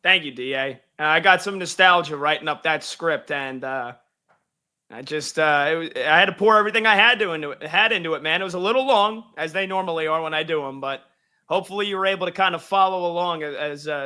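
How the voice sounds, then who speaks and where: Bright-voiced man with punchy delivery. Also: on the high side, fast, smooth. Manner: punchy, pun-laden delivery. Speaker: radio host, guest. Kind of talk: punny scripted sports recap, then casual chat.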